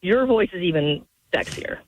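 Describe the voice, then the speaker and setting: A woman's voice: on the low side, expressive, normal speed, a little hiss or hum. A woman calling in from her car, chatty and apologetic, gushing about the hosts' voices. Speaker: caller. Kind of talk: phone-in chat. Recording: tinny phone line.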